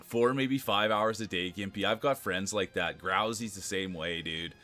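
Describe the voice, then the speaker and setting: A man streaming live, chatting casually and excitedly with his viewers and thanking them by name. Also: sits low, normal speed, soft background music. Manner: excitable, talks straight to chat.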